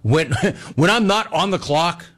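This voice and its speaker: A man hosting a sports talk show, telling a story in a casual, animated way and acting out the voices of other people. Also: on the high side. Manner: fast talking, acts out other people's voices in quotes. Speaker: sports talk radio host.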